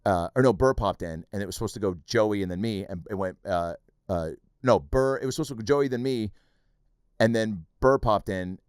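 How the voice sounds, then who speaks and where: A man who hosts a podcast, telling stories in casual, profane chat and jumping between scenes in a quick, animated way. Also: on the low side, smooth, no echo, studio quality. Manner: animated, profane, rapid storytelling. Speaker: podcast host, comedian.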